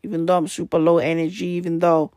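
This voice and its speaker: A man hosting a podcast, with a hoarse, worn-out voice and low energy, talking in a casual, profane comedic rant. He keeps tagging his lines with slang and "right?". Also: flat delivery, fast, a little mellow, no room sound, studio quality. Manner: profane, repetitive, tags lines with "bruv" and "right?". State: hoarse, voice nearly gone. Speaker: podcast host.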